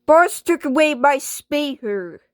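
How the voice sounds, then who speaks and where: A stubborn, whiny washing machine with a moody streak, played by a woman, talking slowly in a fairly high voice with defiant, slangy comebacks. The sound is dry and close, with no room around it. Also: animated, dry recording. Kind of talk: homemade skit voice acting.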